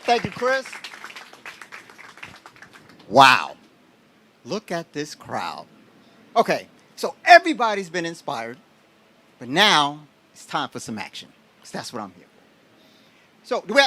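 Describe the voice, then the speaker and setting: A man's voice: high-pitched, huge pitch swings, unhurried, pauses often, sharp tone, no room sound. A man giving a motivational business talk on stage, asking the audience questions. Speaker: business speaker.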